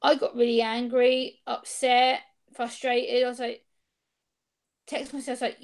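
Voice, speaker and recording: Animated young woman telling a story. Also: fairly high pitch, normal speed, creaky. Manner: animated, acts out quoted exchanges. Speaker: interview guest. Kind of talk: casual storytelling. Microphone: video call.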